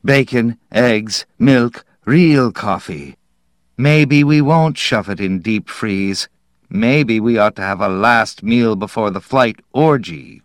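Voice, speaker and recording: A man's voice: fairly low pitch, takes it slowly, no room sound, studio quality. A man reading aloud, voicing a bitter, scheming man who mutters sarcastically. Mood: sardonic.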